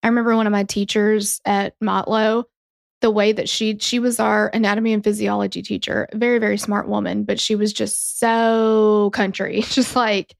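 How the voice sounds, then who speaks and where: Chatty woman with gravelly voice. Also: medium pitch, little pitch movement, brisk, no echo, studio quality. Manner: chatty, swearing, many fillers. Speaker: podcast co-host. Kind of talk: casual true-crime podcast chat.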